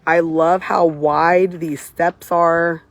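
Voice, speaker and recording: Hoarse woman giving a gushing house tour. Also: fairly low pitch, level tone, very slow. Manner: gushing, enthusiastic, repeats "beautiful" and "I love". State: hoarse, lost voice. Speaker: real estate agent. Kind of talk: casual live video house tour. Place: walking through a large house, indoors and out. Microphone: handheld phone camera.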